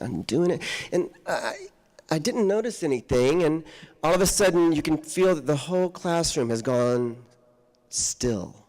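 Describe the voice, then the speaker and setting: A man telling a personal story to an audience on a handheld mic, animated and often laughing as he acts out the people in it. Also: on the high side, a little slow. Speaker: guest author speaker. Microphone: handheld microphone.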